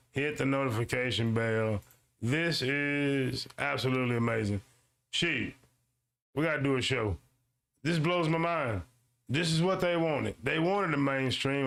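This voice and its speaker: A man hosting a casual streamed commentary show, reading a web page aloud slowly and then breaking into quick asides to his audience, often repeating lines for emphasis. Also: medium pitch, creaky. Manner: animated, swings between slow read-aloud and quick asides. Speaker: show host.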